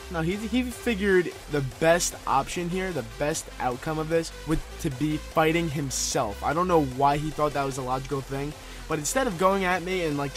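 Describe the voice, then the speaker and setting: A man's voice: on the high side, a bit bright. A young man commentating over gameplay, telling a rambling, profane story in a casual way.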